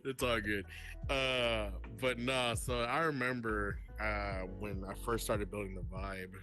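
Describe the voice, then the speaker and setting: A man's voice: fairly low pitch, steady tone, unhurried, bright, forceful tone. Man, congested, foul-mouthed storyteller, laughing co-host, faint music behind. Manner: swearing, storytelling, laughs often. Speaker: podcast co-host. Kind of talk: casual podcast chat. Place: voice chat in a virtual-reality app.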